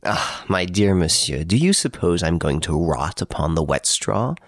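Guy reading as a cocky gentleman thief, smug and teasing, deep rough voice. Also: lively intonation, normal speed, no echo, studio quality. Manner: urbane, teasing, playfully boastful. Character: suave, mocking gentleman thief in prison, male.

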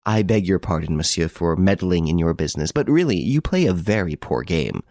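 A suave gentleman thief sneers and gives orders, as a male reader puts him on. His tone is mocking and sure of itself, lifted above a deep reading voice. The sound is dry and close. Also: very animated, a little fast, dry recording. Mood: sneering. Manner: mocking, authoritative.

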